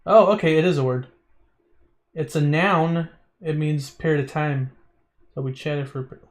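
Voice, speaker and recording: Male streamer, fairly high voice, reads game text aloud, trips on words, casual asides. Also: moderate pace. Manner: casual, stumbles over words, chatty asides. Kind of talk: reading a visual novel aloud on stream.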